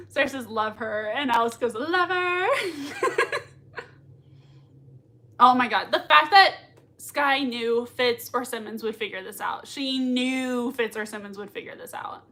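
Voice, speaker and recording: A woman hosting a live watch-party reaction, gushing excitedly, laughing often and reading out chat comments. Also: fairly high pitch, moderate pace. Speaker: livestream reaction host.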